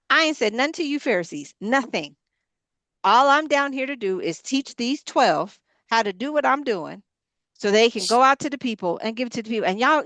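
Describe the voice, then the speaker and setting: A woman doing a fed-up Jesus, a man hitting back at those who keep attacking him, in a slightly raised voice with quick, rapid-fire protests. The sound is close and dry, as a speaker puts him on during a spoken prayer talk. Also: fairly high pitch, a bit bright, dry recording.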